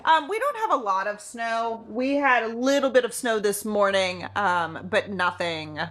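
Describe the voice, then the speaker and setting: A woman's voice: mid-range voice, expressive, a little slow, fairly bright tone. A middle-aged woman chatting casually on a live stream from her home, rambling with lots of fillers. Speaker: animal sanctuary live-streamer. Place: home, indoors. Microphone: camera on a tripod.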